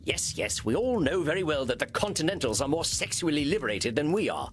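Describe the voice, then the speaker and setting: An actor playing a pompous, melodramatic vampire doctor centuries old in a video game, with a theatrical, haughty delivery. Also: male voice, on the high side, very animated, a little fast, soft background music. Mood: weary.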